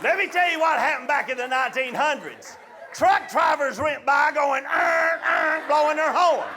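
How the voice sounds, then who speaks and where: On a live comedy stage, a man from the Chattanooga area with a Southern American accent tells a childhood story in an animated, folksy stand-up style. His voice is very high and raised, at normal speed, with crowd noise and a noisy background.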